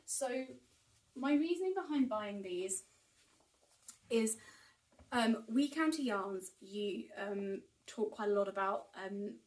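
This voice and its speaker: A woman talks enthusiastically to camera as a knitting vlogger, her speech casual and peppered with ums and likes. Her voice sits at an ordinary middle pitch. The mic sits some way from her, so she sounds slightly distant. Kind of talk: casual haul chat to camera. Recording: voice picked up from a distance.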